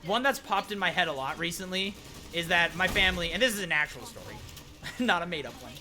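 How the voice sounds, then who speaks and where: A man's voice: high-pitched, expressive, brisk. A young man streaming a game, telling a long joke in a rambling way and acting out the people in it. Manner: rambling joke-teller, acts out quoted voices. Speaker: gaming streamer. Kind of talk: casual storytelling while playing.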